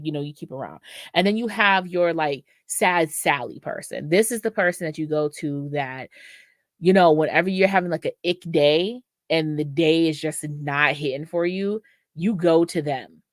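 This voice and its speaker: Woman, podcast co-host, low-pitched, dry close mic, candid slangy delivery. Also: normal speed, no echo. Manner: frank and slangy, acts out quoted voices. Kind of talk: casual podcast chat.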